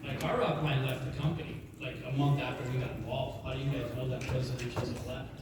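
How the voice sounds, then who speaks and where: A man giving an energetic motivational talk to an audience, telling stories and acting out both sides of a conversation. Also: mid-range voice, fast, noisy background. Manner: energetic storytelling, acts out dialogue. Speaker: network marketing speaker. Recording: echoey hall, mic from a distance.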